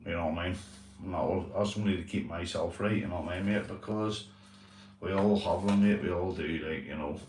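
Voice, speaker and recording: A man's voice: sits low, a little fast, darkish tone, roomy sound, recorded from a distance, a little hiss or hum. A man hosting a casual livestream chat, talking earnestly and repetitively, swearing and calling his viewers "mate". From Northern Ireland. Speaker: livestream host.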